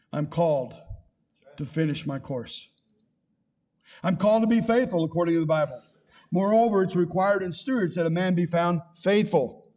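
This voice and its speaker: A man's voice: high voice, moderate pace, warm tone. An older man, a pastor, preaching a sermon with rising emphasis and quoted scripture.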